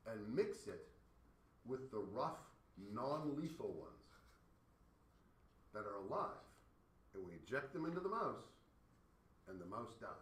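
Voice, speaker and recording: Lively male teacher, echoey classroom. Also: mid-range voice, far from the mic. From Canada. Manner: lively, joking, explains with playful analogies. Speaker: high school science teacher. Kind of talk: classroom lecture.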